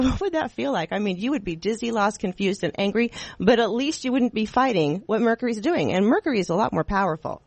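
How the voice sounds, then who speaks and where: A woman hosting a talk radio show, chatting in a rambling, giggly, animated way into a studio microphone. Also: mid-range voice, fast, hardly any pauses, no room sound. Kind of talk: casual talk radio chat.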